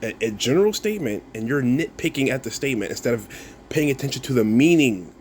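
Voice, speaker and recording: A man's voice: medium pitch, animated, fast, a little hiss or hum. Mocking man ranting at online critics. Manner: mocking, laughs often, swears, repeats himself. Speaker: content creator replying to comments. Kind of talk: casual video rant.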